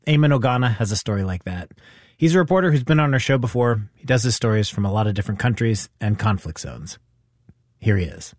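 A man's voice: fairly low pitch, lively intonation, fast talker, darkish tone, no echo, clean studio sound. A man hosting a radio show, asking short curious questions and introducing stories. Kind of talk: conversational radio storytelling.

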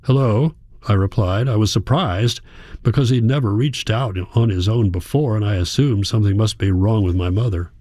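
A man reading a novel aloud in a measured, reflective storytelling manner. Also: lowish voice, warm tone, no room sound. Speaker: audiobook narrator. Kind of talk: scripted narration.

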